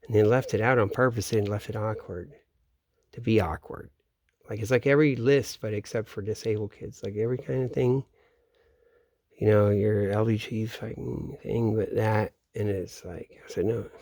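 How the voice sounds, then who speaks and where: A man's voice: lowish voice, fairly even intonation, normal speed, darkish tone, no echo, studio quality. A man vlogging in a meandering, profane casual monologue, often trailing off and restarting sentences. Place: home in Florida, at night.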